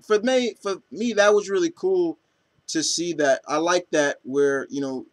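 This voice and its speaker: A man's voice: fairly high pitch, a little slow, no echo. Hesitant, enthusiastic male anime vlogger. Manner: hesitant, many ums and restarts; enthusiastic fan. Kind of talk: casual chat.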